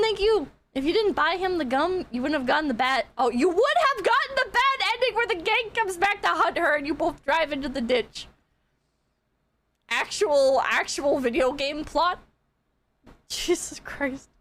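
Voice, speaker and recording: A young woman streamer telling a story in a casual, animated way, swearing freely and laughing as she goes. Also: extremely high pitch.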